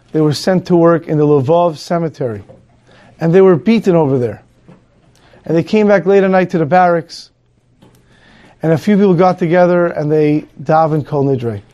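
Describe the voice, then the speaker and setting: A man's voice: on the high side, mellow. A man teaching Torah, telling a story as a sermon in an earnest way, using Hebrew and Yiddish terms.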